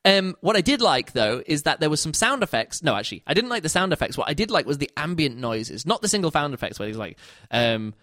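A man's voice: fairly high pitch, sing-song, fast, a bit bright, no room sound, studio quality. A man giving a casual spoken book review, rambling and often correcting himself mid-sentence. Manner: rambling, self-correcting, many restarts.

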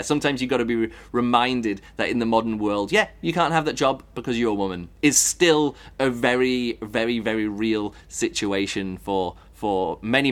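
A man's voice: on the low side, a bit bright. A man from the UK, giving a casual spoken book review, rambling and thinking aloud with many fillers and restarts.

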